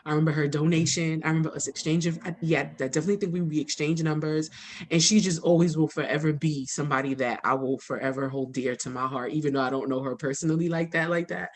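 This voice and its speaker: A woman's voice: sits low, fairly even intonation, fast talker. A woman from the Bronx hosting an interview, talking in a candid, reflective way and laughing easily. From the Bronx, New York. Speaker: host. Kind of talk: casual interview chat. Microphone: video call.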